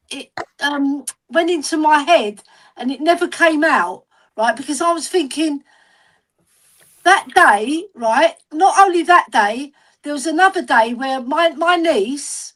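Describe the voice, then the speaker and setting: A woman chatting on a livestream, telling a story and often asking "right?" as she goes. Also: high voice. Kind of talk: casual livestream chat.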